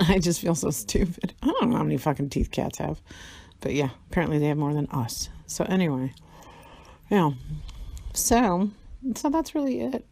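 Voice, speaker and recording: A woman's voice: low-pitched, expressive, normal speed, vocal fry, pauses often, warm tone, no echo. A tired woman in a casual vlog monologue, rambling, swearing a lot and laughing often. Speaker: vlogger.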